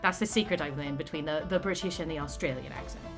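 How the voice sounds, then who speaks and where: A tired woman streaming a detective game, chatting casually with a giggly, halting manner. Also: low-pitched, faint music behind. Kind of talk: casual chat.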